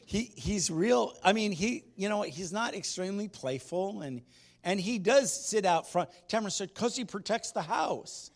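A man preaching a sermon as pastor, telling stories in an animated way and moving between loud and hushed delivery. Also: sits high, moderate pace. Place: church sanctuary.

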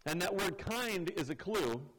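A man's voice: high-pitched, expressive, unhurried, fairly bright tone, a little hiss or hum, low-quality recording. A man preaching a sermon, reading scripture verse by verse and acting out the voices of the people in it. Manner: expository preaching, acts out quoted voices. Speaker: pastor.

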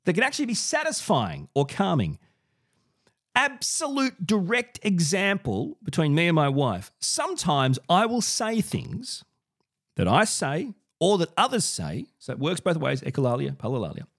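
A man talking straight to camera for his own channel, with a lively voice that swings up and down in pitch. He is sarcastic and animated, and he often doubles back on his words. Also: normal speed. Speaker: podcast and video host. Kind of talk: direct-to-camera commentary.

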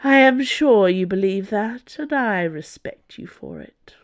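A woman voicing a scheming, silver-tongued male noble held prisoner, speaking in a measured, wistful way. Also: mid-range voice, lively intonation, lo-fi sound, voice pushed up, natural voice.

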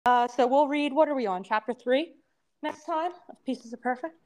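High-voiced woman with a lisp. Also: normal speed, darkish tone. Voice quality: lisp from temporary crowns. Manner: chatty, rambling, laughs often. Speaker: podcast co-host. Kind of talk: casual chat.

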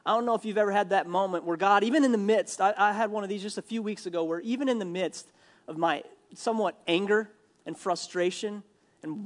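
Guy preaching a sermon in church, fairly high voice, lively and jokey, acts out the quotes. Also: fairly quick. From Minnesota. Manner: animated, jokey asides, acts out quoted lines. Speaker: pastor.

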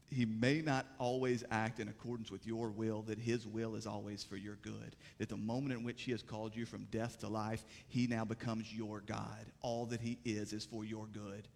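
Pastor guy preaching, goes from calm to fired up, reverby hall sound. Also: fairly low pitch, vocal fry. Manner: builds from calm teaching to impassioned, rising preaching. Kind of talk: sermon.

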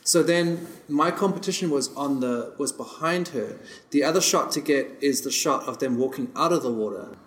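A man from South Africa talks as a podcast guest in loose, casual chat, stacking fillers as he rambles through his stories. His voice sits at an ordinary, middle pitch. The room around him rings with a noticeable echo. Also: normal speed.

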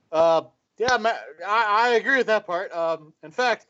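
A man's voice: high voice, unhurried, bright, forceful tone, lo-fi sound. A man co-hosting a podcast, rambling and tipsy, stumbling over repeated words in casual chat. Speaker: podcast co-host, guest.

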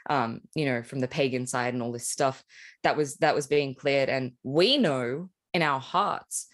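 A young adult woman hosting a podcast, talking in a relaxed, chatty way with frequent "like" fillers and casual swearing. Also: a bass voice, measured pace. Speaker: podcast host. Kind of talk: casual conversation.

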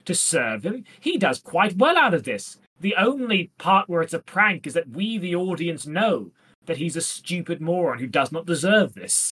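A woman co-hosting a casual comedy podcast, talking in a deadpan, playful way and slipping into silly voices. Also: fairly low pitch, normal speed, breathy edge. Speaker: podcast co-host. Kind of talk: casual comedic chat about Shakespeare.

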